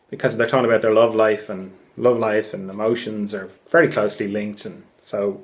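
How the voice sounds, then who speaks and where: A man, a therapist hosting a podcast, telling a story in a relaxed monologue, laughing often and swearing casually. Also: medium pitch. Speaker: podcast host; craniosacral therapist.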